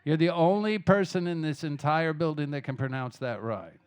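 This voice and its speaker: A man's voice: fairly high pitch, normal speed. A man from Texas, a singer-songwriter in a live music club, rambling loosely between songs, restarting himself and swearing casually. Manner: loose, chatty, self-interrupting, swears casually.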